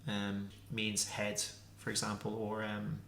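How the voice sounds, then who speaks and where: A man teaching a casual pronunciation lesson, repeating consonant sounds slowly to demonstrate them. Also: on the low side, completely flat delivery, vocal fry, fairly bright tone, a little hiss or hum. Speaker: language teacher. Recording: echoey room.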